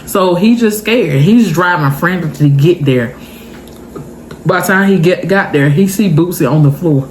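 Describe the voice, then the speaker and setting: A young woman vlogger telling a story to her viewers in a casual, animated and emotional way. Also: fairly low pitch, moderate pace, slight background noise.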